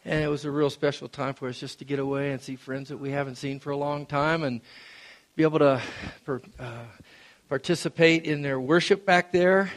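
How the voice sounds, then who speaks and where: A middle-aged man preaching a sermon as pastor, conversational with fillers and restarts, now and then bursting into loud exclamations. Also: fairly high pitch.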